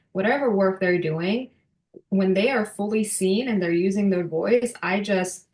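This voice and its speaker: A woman's voice: medium pitch, echoey room. A woman in her thirties speaking as a podcast guest, heartfelt and emotional, with many fillers and restarts. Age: 30s. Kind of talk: casual heartfelt interview talk.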